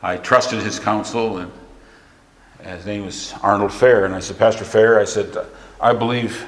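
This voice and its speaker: A man's voice: lowish voice, steady tone, measured pace. Preacher man in an echoey hall. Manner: swings from soft confiding storytelling to rising emphatic preaching. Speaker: pastor. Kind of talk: sermon.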